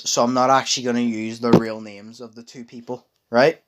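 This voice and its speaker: Over heavy background noise, a young man rambles through a long story in casual conversation, often restarting sentences and cursing freely. His pitch is ordinary, his tone level, and his pace fairly quick.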